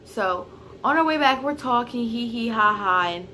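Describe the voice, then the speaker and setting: A woman telling a personal story in a casual vlog, chatty and full of fillers, turning loud and heated at the tense parts. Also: on the high side, lively intonation, moderate pace, noisy background. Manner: grows loud and heated when retelling the fight. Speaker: vlogger.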